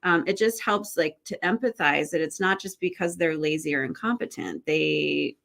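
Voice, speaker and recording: A woman hosting a casual webinar conversation, chatty and animated, laughing easily. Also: deep voice, normal speed, gravelly. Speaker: host.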